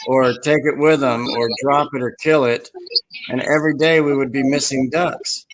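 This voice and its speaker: Casting: man, mid-pitched, rambling storyteller, casual podcast chat. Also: fairly even intonation, normal speed, poor audio. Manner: rambling, laughs at own stories.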